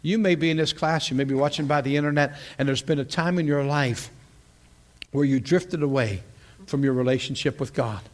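A man preaching a sermon to a class, telling stories in an animated way with frequent laughs and repeated words. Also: fairly high pitch, a little fast. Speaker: pastor.

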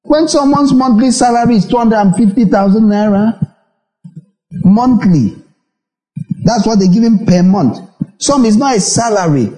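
A man's voice: high-pitched, normal speed, pauses often, faint music behind. A Nigerian man preaching a sermon as pastor, repeating phrases and acting out little dialogues. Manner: animated preaching with repetition and acted-out dialogues. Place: church hall. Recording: echoey reverberant church hall.

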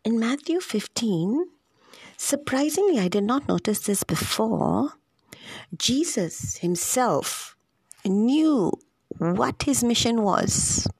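A woman's voice: fairly high pitch, sing-song, slow, darkish tone, breathy edge, dry recording. A woman giving an informal, conversational scripture reflection, thinking aloud and repeating words as she goes.

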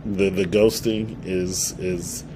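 A man's voice: low voice, fairly even intonation, slow, dark tone, slight background noise. A young man co-hosting a podcast, telling stories in a laid-back way with frequent laughs and restarts. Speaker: podcast co-host. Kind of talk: casual chat.

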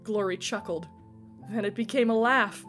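A woman telling a story with an expressive, dramatic reading. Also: medium pitch, normal speed, soft background music. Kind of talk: storytelling narration.

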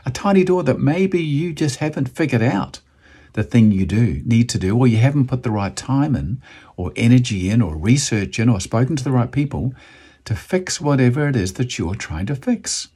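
A man's voice: medium pitch, animated, normal speed, dark tone, breathy edge. A man from New Zealand with a New Zealand accent, hosting a motivational video and talking enthusiastically to camera, at times bantering with himself.

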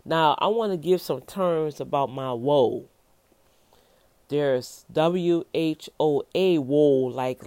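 A woman's voice: rumbling low, mellow, smooth, no room sound. A woman in her fifties giving an informal devotional teaching as a minister, emphatic and folksy, repeating words for stress. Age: 50s.

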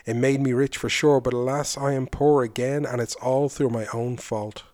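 A man's voice: mid-range voice, steady tone, normal speed, a little mellow, close to an everyday voice. Man voicing a hapless farmer, earnest, pleading, storybook tale. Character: poor farmer, hapless and eager.

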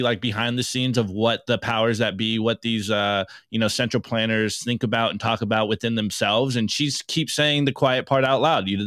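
A man's voice: mid-range voice, a bit bright, no echo, studio quality. Indignant man talking on a podcast. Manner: emphatic, indignant, many restarts. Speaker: podcast co-host. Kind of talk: casual opinion chat.

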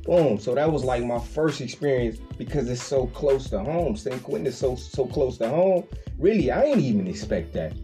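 Animated man telling stories with slang. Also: normal speed, soft background music. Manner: animated storyteller, acts out quoted voices with big pitch jumps, laughs often, slangy. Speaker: podcast co-host telling his prison story. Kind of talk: casual storytelling chat.

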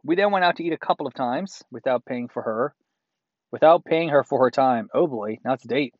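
A man's voice: mid-range voice, a little fast, no room sound, lo-fi sound. A man reads a listener's letter aloud and breaks in with crude, profane, sarcastic comments. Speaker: host reading a listener's letter.

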